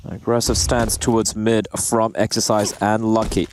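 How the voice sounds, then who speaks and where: A man doing live play-by-play commentary on a competitive game, animated and jokey between calls. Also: lowish voice, moderate pace, noisy background. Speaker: esports caster. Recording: broadcast with loud game sounds behind.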